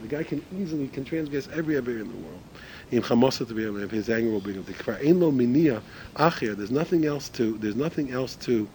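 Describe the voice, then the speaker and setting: A male Torah teacher gives a class in a loose, conversational way, often restarting sentences. He asks his listeners rhetorical questions in a middle-pitched voice. Faint noise runs under the recording. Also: a little mellow, poor audio. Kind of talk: religious ethics class.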